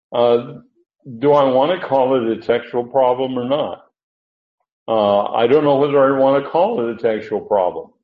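A man giving informal Bible teaching, rambling and correcting himself as he thinks aloud. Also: mid-range voice. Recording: echoey, dull lo-fi room recording.

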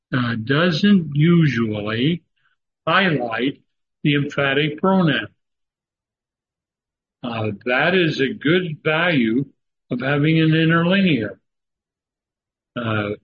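Male Bible teacher, slightly high voice, slow and halting delivery, dull recording with faint hiss. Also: a bit bright. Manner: slow, halting, many "uh" fillers, emphatic stresses. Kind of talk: Bible study lecture.

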